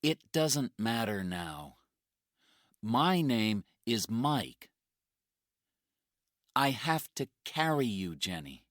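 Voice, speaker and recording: A man's voice: medium pitch, sing-song, very slow, long pauses, a bit bright, dry recording, clean studio sound, voice pushed up, full character voice. A man voicing a brave young cameraman in a storybook reading, urgent and reassuring.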